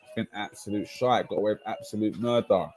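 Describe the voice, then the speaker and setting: A man, hosting a casual football livestream, ranting in slang and swinging between loud outbursts and low mutters. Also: fairly even intonation, brisk. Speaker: football streamer.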